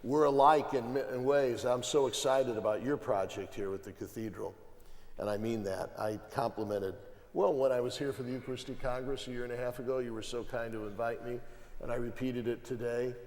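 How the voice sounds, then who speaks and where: A Midwestern American archbishop speaks as a panel guest in conversational style, emphatic and prone to repeating phrases and restarting sentences. His medium-pitched voice is flat, brisk and somewhat dark, heard through long hall reverb.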